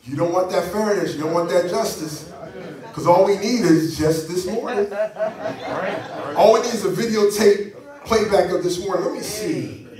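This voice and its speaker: Male pastor, high voice, fervent sermon delivery; echoey sanctuary, distant pickup. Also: moderate pace, a crowd in the background. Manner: fervent preaching with call-and-response from the congregation. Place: church sanctuary. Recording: echoey church sound from a distance.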